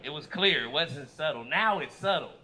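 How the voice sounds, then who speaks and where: High-voiced man doing stand-up. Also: moderate pace. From Fresno, California. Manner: animated storytelling with loud acted-out quotes. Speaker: stand-up comedian. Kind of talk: stand-up comedy set. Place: comedy club stage before a live audience.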